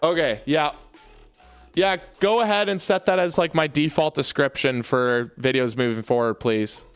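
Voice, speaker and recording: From his home basement, a young man from Canada runs a laid-back livestream with soft music in the background. His voice is smooth and a little high, at a normal speed, and he's excited and talkative, addressing chat directly and calling everyone "baby" and "y'all."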